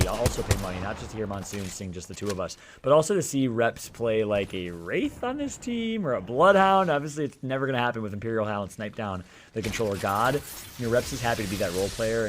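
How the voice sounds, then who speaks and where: A man doing live esports play-by-play commentary, energetic and joking, with rambling asides. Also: medium pitch, a little hiss or hum. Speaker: esports caster.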